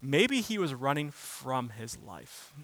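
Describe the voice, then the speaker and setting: A male pastor preaching a sermon in a casual, conversational way with slang asides, moving between loud emphatic bursts and quiet reflective stretches. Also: mid-range voice, sing-song, takes it slowly.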